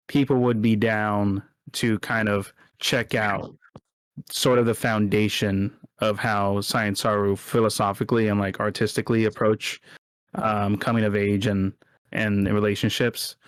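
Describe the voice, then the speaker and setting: A man's voice: on the low side, little pitch movement, unhurried, clear, resonant tone, no echo. A man co-hosting a casual podcast chat, rambling and often correcting himself, laughing easily. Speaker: podcast co-host.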